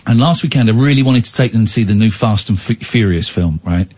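A man hosting a late-night radio phone-in, chatting and telling stories in a playful, animated way. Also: on the low side, fast, slightly rough, dull audio. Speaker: radio show host.

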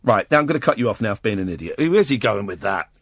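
A male radio host with a slightly husky, breathy voice that swings widely up and down in pitch as he jokes with a caller. He talks casually and teasingly into a close studio microphone. The sound is dry and close, with no room echo. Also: quick pace. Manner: playful, teasing and animated, with frequent laughter. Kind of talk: casual chat on late-night phone-in radio.

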